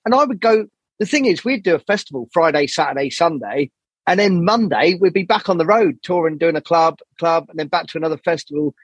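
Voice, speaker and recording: Man, high husky voice, dry close sound, sweary rambling podcast guest. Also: brisk, no room sound. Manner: swears freely, animated rambling storytelling. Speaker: jazz saxophonist, podcast guest. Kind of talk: candid podcast conversation.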